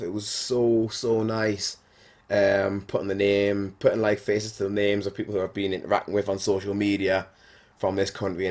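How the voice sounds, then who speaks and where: A man, talking casually and bluntly as a podcast host, swearing often and filling pauses with "like". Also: on the low side, darkish tone. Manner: blunt and sweary, frequent fillers. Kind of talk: casual monologue.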